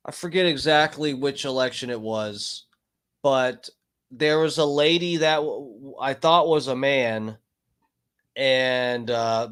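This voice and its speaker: A man hosting a livestream, chatting casually and telling a story in a rambling, profane way with lots of fillers and restarts. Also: fairly high pitch. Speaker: livestream host. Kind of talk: casual stream chat, storytelling.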